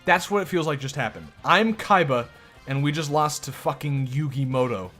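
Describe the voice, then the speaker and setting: A man's voice: fairly high pitch, normal speed, a bit bright, soft background music. A man streaming live gameplay, commenting casually in a joking, profane, self-mocking way. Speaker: game streamer.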